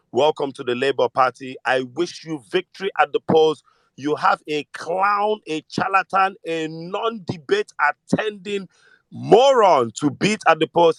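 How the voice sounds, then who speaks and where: A Nigerian man with a Nigerian accent talking politics in casual, animated chat, switching between Pidgin and English. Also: on the high side, no room sound. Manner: animated, mixes Pidgin with English, mimics voices. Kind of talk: casual political chat in a live audio space.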